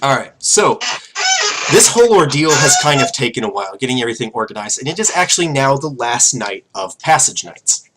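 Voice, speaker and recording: A man's voice: medium pitch, very animated, brisk, noisy background. A man narrating a tabletop game as game master, casual and full of fillers.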